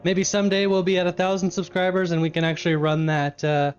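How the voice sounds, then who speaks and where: A man's voice: high voice, flat delivery, quick pace, dull audio, soft background music. A man live-streaming from his home kitchen, chatting casually with his chat, laughing often and eating as he talks.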